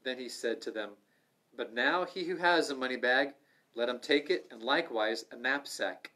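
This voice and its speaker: Through a livestream mic, a middle-aged man hosts a Bible study at a moderate pace. His medium-pitched voice is earnest and conversational, rising into loud exhortation and dropping into quiet side remarks.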